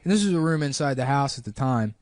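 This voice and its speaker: A man's voice: medium pitch, expressive, quick pace, a little mellow, no echo, studio quality. A man in his twenties, a podcast host, telling a rambling anecdote with lots of fillers. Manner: rambling, filler-heavy anecdote with quoted voices. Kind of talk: casual storytelling chat.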